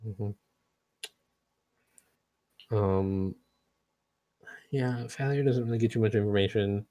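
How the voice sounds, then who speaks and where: A man running a tabletop game as game master, describing scenes in a relaxed, hesitant way. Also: on the low side, slow. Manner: relaxed, hesitant, many fillers.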